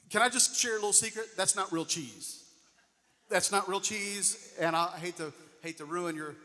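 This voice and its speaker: Male preacher, high bright voice, long hall reverb, questioning congregation. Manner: preaching, rising and falling emphasis, asks the congregation questions. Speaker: pastor. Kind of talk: sermon.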